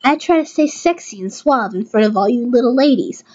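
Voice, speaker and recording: A woman's voice: a little high, animated, brisk, a little mellow, dull audio. Woman doing a suave pigeon ladies' man. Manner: shaky put-on New York accent with French phrases. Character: smooth flirtatious male pigeon upperclassman, ladies' man.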